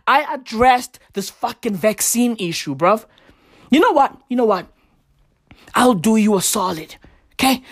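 A woman's voice: a little high, dry recording, studio quality. A woman hosting a podcast, delivering an emphatic, profane comedic rant full of repetition. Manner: emphatic, repetitive, heavy swearing. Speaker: podcast host.

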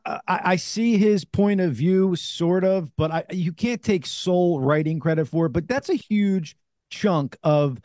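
Man, New Jersey accent, podcast host, fairly high voice, eager, casual swearing, dry close sound. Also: unhurried, mellow, dry recording. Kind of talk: casual interview chat.

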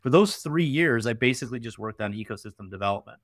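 Animated, emphatic young man, dry close sound. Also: medium pitch, fast talker, no echo. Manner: animated, emphatic, many fillers and tag questions. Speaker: podcast guest, venture investor. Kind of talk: casual interview storytelling.

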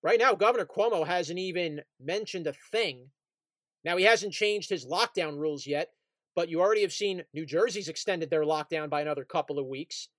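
A man's voice: on the high side, brisk, a bit bright, no room sound. Upbeat man chatting sports, dry close sound. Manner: reads out news items, laughs easily. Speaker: podcast co-host. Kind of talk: casual sports chat.

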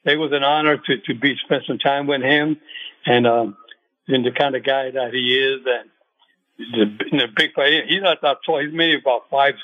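A man's voice: medium pitch, fairly even intonation. Older man on a tinny phone line. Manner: halting, many fillers and restarts. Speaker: retired boxing referee, guest. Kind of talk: phone-in radio interview.

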